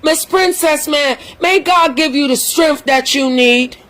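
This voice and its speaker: A woman's voice: sits high, a little slow, fairly bright tone. Woman, livestream rant, heated, cursing, scolding. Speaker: social media commentator.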